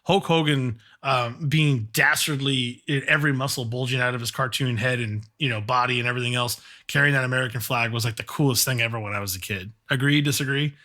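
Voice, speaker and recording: A man co-hosting a casual podcast, easygoing and quick to banter. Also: mid-range voice, steady tone, pushed and bright. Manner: laughs often, easygoing banter. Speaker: podcast co-host. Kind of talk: casual chat.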